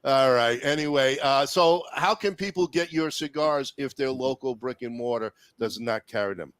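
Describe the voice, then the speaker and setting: A man's voice: mid-range voice, normal speed, a bit bright, smooth, no echo. A man hosting a casual show, joking around and laughing often. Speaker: show host. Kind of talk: casual livestream chat.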